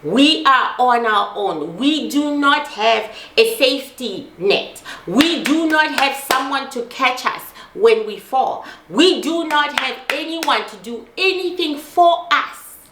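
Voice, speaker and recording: A woman's voice: sits high, animated, takes it slowly, a bit bright, echoey room, a little hiss or hum. A middle-aged woman giving an intense personal monologue, emphatic and repeating lines for force, swearing as she talks. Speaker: host.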